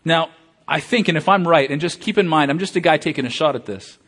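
A man's voice: on the high side, quick pace, a bit bright. A middle-aged man, a pastor, giving an earnest, conversational sermon with self-deprecating asides and frequent fillers.

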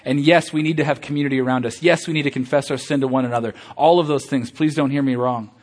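A man's voice: mid-range voice, steady tone, quick pace. A middle-aged man, a pastor, giving an earnest, conversational sermon with self-deprecating asides and frequent fillers.

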